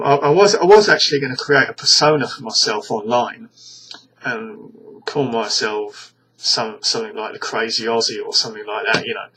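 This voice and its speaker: A man's voice: mid-range voice, pushed and bright, slight background noise, poor audio. A British man ranting to his viewers in a casual monologue, rambling and scornful, stumbling over frequent restarts. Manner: scornful, exasperated. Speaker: vlogger.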